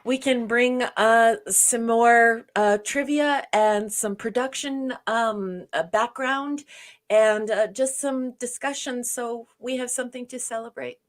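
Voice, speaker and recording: Gushing woman co-host, slightly high. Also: slow. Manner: effusive, gushing with thanks. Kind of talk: casual livestream chat.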